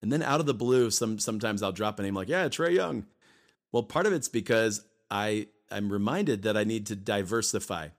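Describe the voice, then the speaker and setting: A man's voice: lowish voice, fairly quick, few pauses. A man co-hosting a podcast, talking casually and emphatically, often repeating himself and briefly acting out voices. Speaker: podcast co-host.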